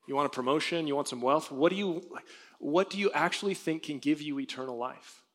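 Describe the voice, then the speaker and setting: A man preaching a sermon in an earnest, conversational way, reading scripture and asking rhetorical questions. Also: mid-range voice. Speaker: pastor. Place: church sanctuary. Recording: long hall reverb.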